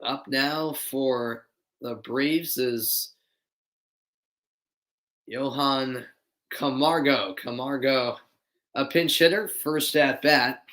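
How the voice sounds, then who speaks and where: A man's voice: mid-range voice, steady tone, very slow, pauses often, fairly bright tone. A man from Boston doing live play-by-play commentary, chatting with viewers between plays. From Boston, USA. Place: dimly lit room at home.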